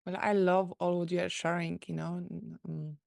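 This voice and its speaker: A woman host with a Polish accent, asking questions in a halting way as she searches for words. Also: on the low side, level tone, creaky, a little mellow, dry recording, clean studio sound. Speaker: interview host. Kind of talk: conversational interview.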